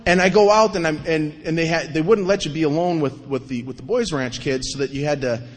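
Animated man telling his story in a hall. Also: on the high side, fairly quick. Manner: animated storyteller, acts out quotes, self-mocking, repeats himself. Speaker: speaker sharing his recovery story. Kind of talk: recovery meeting talk. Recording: long reverb of a hall.

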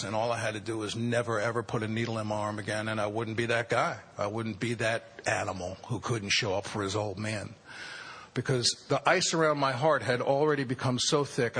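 A man in his fifties telling his recovery story, wry and self-deprecating, sometimes halting. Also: medium pitch, fairly bright tone, slightly rough. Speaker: speaker sharing a recovery story. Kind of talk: personal storytelling talk.

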